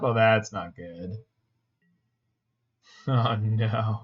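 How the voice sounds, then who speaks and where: A man's voice: medium pitch, normal speed, fairly bright tone, dull audio. A man from Canada, giving casual, joking commentary as a streamer while he plays and answers chat.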